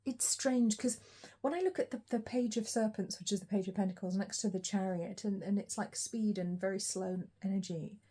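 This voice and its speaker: A woman giving a collective tarot reading, talking in a reflective, unhurried way with frequent ums and pauses. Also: mid-range voice, warm tone, slightly rough. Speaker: tarot reader.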